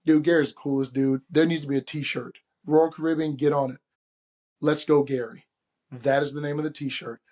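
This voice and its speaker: An animated podcast host, a man whose voice sits a touch higher than most men's, tells a travel story at a moderate pace in a relaxed monologue. He acts out the people he quotes using shifting voices.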